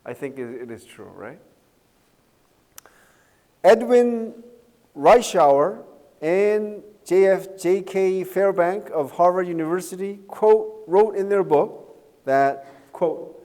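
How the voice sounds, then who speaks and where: A man's voice: fairly high pitch, takes it slowly, dark tone, big-room sound. A man giving a university lecture in a casual, jokey way, often checking with the class by asking "right?" and "okay?". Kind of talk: recorded online lecture.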